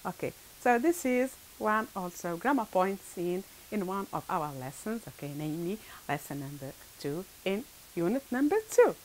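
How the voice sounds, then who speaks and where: A woman's voice: mid-range voice, expressive, moderate pace, hardly any pauses, slight background noise, poor audio. A woman teaching an English grammar lesson to her pupils. She stresses key words, repeats them, and checks in often with "all right" and "okay.".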